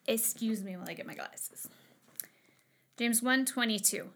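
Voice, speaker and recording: A woman's voice: fairly high pitch, unhurried. A woman in her thirties giving a casual livestream Bible teaching, chatty and bubbly, drifting into tangents and laughing at herself.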